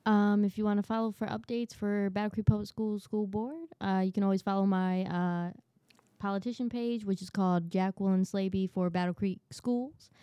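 A woman guest on a podcast, speaking plainly and a little haltingly with fillers. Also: medium pitch, fairly even intonation, mellow, smooth, no echo, dull audio. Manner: plain, measured, hesitant fillers. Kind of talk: casual chat.

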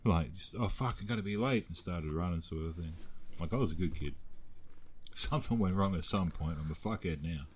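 A man's voice: deep voice, normal speed, a little mellow, a little hiss or hum. A man, co-hosting a podcast with crude, joking banter. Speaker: podcast co-host. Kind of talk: casual chat.

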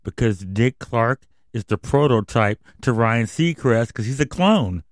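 A man's voice: mid-range voice, lively intonation, a little slow, dry recording, studio quality. A man hosting his own radio show, delivering a crude, rambling, conspiratorial rant full of swearing and ending on an emotional, subdued note. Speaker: podcast host. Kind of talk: profane ranting monologue.

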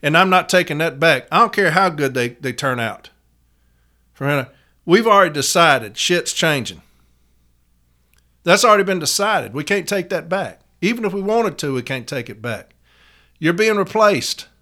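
Fiery man, rather high voice. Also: lively intonation, normal speed, sharp tone. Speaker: letter carriers' union activist and podcaster. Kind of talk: fiery profane rant to union members.

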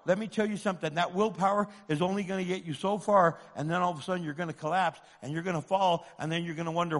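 High-voiced preaching man in reverb. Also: quick pace, few pauses, a bit bright. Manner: impassioned, repetitive preaching with acted inner voices. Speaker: pastor. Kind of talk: sermon. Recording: long church reverb.

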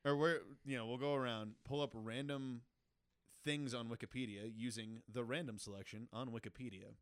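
A man's voice: medium pitch, steady tone, normal speed, fairly bright tone, clean tone, dry recording, studio quality. A man co-hosting a comedy podcast, explaining game rules in a rambling, laughing way. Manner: rambling, restarts, laughs a lot. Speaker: podcast co-host. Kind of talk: casual comedy chat.

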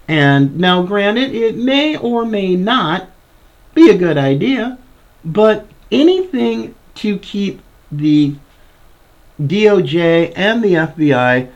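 A man's voice: sits high, sing-song, takes it slowly, dull audio. A man hosting a political commentary show, reading a news article aloud and breaking off with indignant asides. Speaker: podcast host.

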